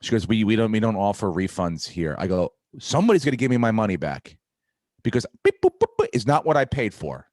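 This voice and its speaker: Speaking quickly in a lowish voice, a middle-aged podcast host relates a humorous story during casual talk. He swears a lot and plays out the dialogue of the people in it, and the studio sound is clean with no echo.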